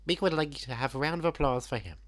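A man's voice: medium pitch, expressive, racing, fairly bright tone, pitched above the performer's own voice, close to an everyday voice. A man voicing a fussy, cheerful puppet scientist who makes officious announcements. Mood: chirpy announcing.

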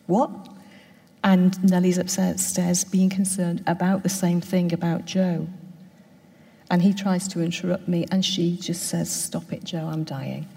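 A woman who is a palliative care consultant, telling stories from her work in a gentle, measured way. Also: lowish voice, gravelly, long reverb tail. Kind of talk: reflective storytelling interview.

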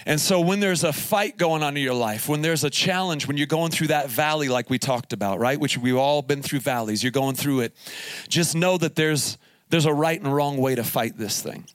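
A man's voice: fairly high pitch, moderate pace, dry recording. A male pastor preaching live at a camp service, telling funny stories and laughing as he goes. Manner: jokey, laughs through his stories. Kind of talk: humorous storytelling sermon.

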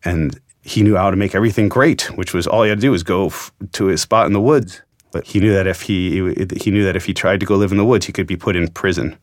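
A man's voice: deep voice, quick pace, no echo, studio quality. A man, a journalist, earnestly retelling an emotional story from his own experience, quoting the dialogue. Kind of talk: storytelling interview.

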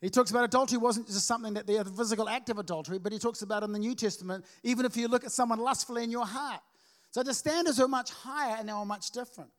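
A man's voice: very high voice, racing. A man preaching a sermon at a church service, telling stories with energy and frequent restarts. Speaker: pastor.

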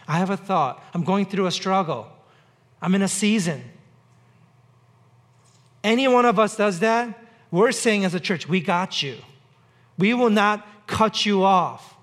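Speaking from a church on Mercer Island, this pastor sits high in pitch and sounds a bit bright. His sermon is conversational, leaning on repetition and a dry sense of humor.

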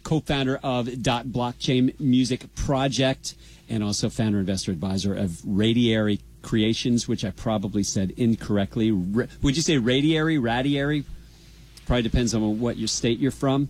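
A man's voice: medium pitch, fairly even intonation, moderate pace, a little mellow. Playful middle-aged male radio host. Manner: playful, rambling, punning. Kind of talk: joking college radio banter. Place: radio studio.

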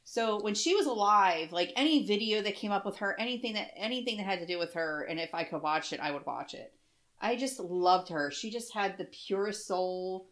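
A woman chatting loosely as a podcast co-host, gushing about the things she loves and laughing easily. Her voice sits at an ordinary middle pitch, and she rambles with many restarts. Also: expressive, normal speed. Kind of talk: casual chat.

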